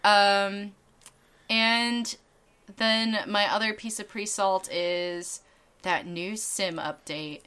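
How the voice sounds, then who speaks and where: Young woman, podcast co-host, bright clear voice, animated storyteller, acts out voices. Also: mid-range voice, very slow. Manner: animated, acts out quoted people, laughs often, swears casually. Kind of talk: casual storytelling chat.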